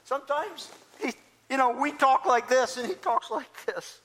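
Speaking as Peter, the impulsive and chatty fisherman-apostle, a man preaches his own story in the first person, restarting earnestly as he searches for words. His voice is very high and fairly bright, at a moderate pace.

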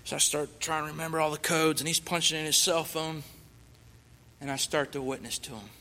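A man's voice: a little high, fairly even intonation, a little fast, bright, forceful tone, in a large hall. A man, a missionary, earnestly telling his personal testimony, swelling with fervor when he recites scripture.

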